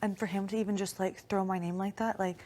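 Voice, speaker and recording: A young woman in casual conversation, chiming in with quick agreements and frank, chatty asides. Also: medium pitch, fairly even intonation, warm tone, slight background noise. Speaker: reality show houseguest.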